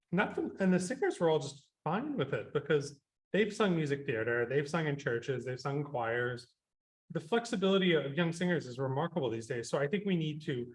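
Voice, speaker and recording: A composer speaks at a medium pitch in a radio interview, rambling with plenty of fillers and restarts, and he grows animated whenever he quotes himself.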